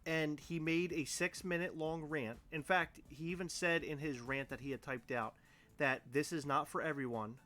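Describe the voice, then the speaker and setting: A man co-hosting a laid-back chat show, full of playful teasing and exaggerated reactions. His voice is bright, with faint music underneath. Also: fairly high pitch, fairly even intonation, moderate pace. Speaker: podcast co-host. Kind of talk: casual chat.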